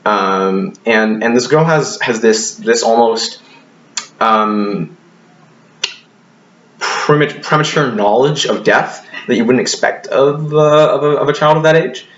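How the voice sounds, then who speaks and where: A man's voice: medium pitch, slow, reverberant, lo-fi sound, slight background noise. A man teaching a recorded poetry lesson, talking hesitantly with many ums and restarts, and now and then apologizing. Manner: apologetic asides.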